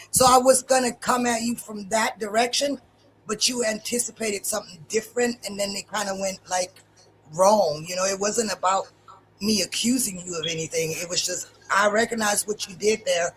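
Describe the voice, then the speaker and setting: A woman's voice: medium pitch, slight background noise, low-quality recording. A woman, speaking English as an in a live debate, blunt and casual with swearing. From Germany. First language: German. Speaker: debate panelist.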